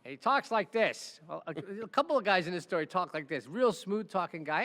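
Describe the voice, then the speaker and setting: A high-pitched man tells stories on his podcast in an animated, chatty way, often checking in with "right?". His voice rings with a long reverb, as if he is in a large, echoey room. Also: fairly quick, hardly any pauses. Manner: animated, keeps asking "right?" and acts out the people in his stories. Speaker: criminal defense attorney and podcast host. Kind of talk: casual storytelling chat.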